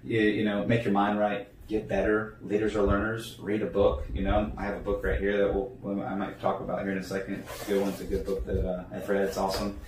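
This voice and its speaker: A man's voice: fairly low pitch, monotone, quick pace, few pauses, darkish tone. A young man talking casually as an interview guest, rambling with many fillers and restarts. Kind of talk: casual conversation. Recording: echoey room, mic at a distance, faint background noise.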